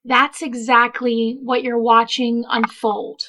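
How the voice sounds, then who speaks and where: A woman's voice: on the high side, little pitch movement, slow pace, bright, forceful tone. A woman hosting a casual true-crime commentary, chatty and emphatic, wandering off into asides. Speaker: host.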